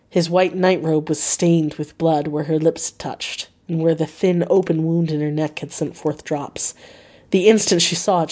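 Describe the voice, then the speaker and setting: A woman reading a classic novel aloud in a measured, expressive way. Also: low-pitched. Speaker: audiobook narrator. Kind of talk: dramatic audiobook narration.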